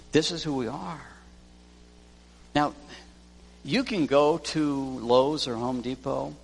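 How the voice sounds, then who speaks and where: A man who is a pastor preaching a sermon, swinging from loud emphasis to hushed lines. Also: medium pitch, gravelly. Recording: long church reverb.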